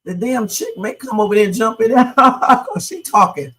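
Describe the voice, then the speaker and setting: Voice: medium pitch, big pitch swings, moderate pace, a bit bright. A livestream host giving blunt, profane reaction commentary and talking straight to the viewers.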